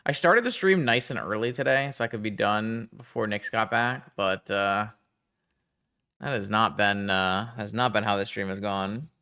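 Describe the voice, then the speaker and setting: A man giving casual live-stream gameplay commentary, thinking aloud and talking to his chat in a chatty, excitable way. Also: on the low side, normal speed, clean tone.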